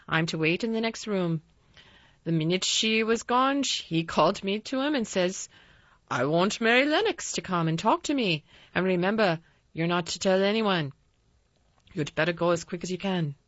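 A woman's voice: mid-range voice, no echo, close to an everyday voice. A woman voicing a timid, kindly young housemaid. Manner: broad dialect, nervous faltering. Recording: slightly dull dry recording.

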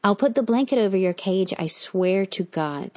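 A woman's voice: mid-range voice, expressive, normal speed, darkish tone, dull audio, close to an everyday voice. A woman reading the lines of an annoyed, tired young woman in a clipped, exasperated way.

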